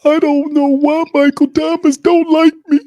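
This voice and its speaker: A whiny falsetto mock quarterback. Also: male voice, flat delivery, normal speed, dark tone, dry recording. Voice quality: whiny, falsetto-like, sing-song. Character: whiny high-voiced mocking impression of a male quarterback.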